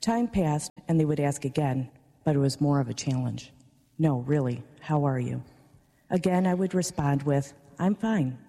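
A woman, a parishioner, reading a prepared personal testimony in a church, earnest and steady. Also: deep voice, moderate pace. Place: large church. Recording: long church reverb.

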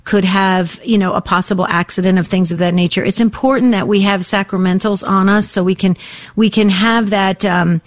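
Older woman, call-in radio host, warm and emotional, rambling with fillers, mid pitch. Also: steady tone, moderate pace.

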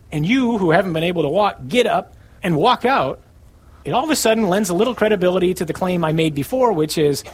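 A man preaching a sermon, reading scripture aloud slowly and with emphasis, his voice a little husky. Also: fairly high pitch. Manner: animated, quotes scripture in a slow emphatic voice.

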